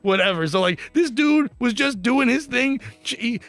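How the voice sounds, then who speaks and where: A man's voice: very high-pitched, animated, normal speed, fairly bright tone. A man, a comedian and podcast guest, telling crude stories in casual chat with lots of swearing. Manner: crude, brash storyteller with frequent swearing.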